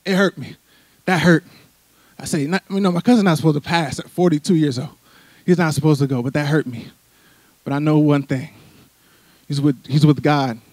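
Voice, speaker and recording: A man's voice: on the high side, fairly even intonation, moderate pace, pauses often, darkish tone, no echo. A middle-aged man from Philadelphia preaching a sermon, conversational and full of "right?" asides. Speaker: church speaker. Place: church sanctuary.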